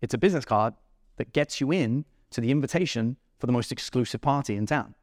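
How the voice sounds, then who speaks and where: Guy hosting a podcast, super animated, acts out the convo bits, dead dry mic. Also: mid-range voice, quick pace, dry recording. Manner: animated, acts out dialogue in his stories. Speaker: podcast host. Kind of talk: storytelling interview chat.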